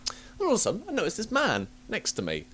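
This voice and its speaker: A young man hosting a podcast, telling stories in a casual, animated way, swearing freely and laughing often. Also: high voice, fast talker. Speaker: podcast host. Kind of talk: casual chat.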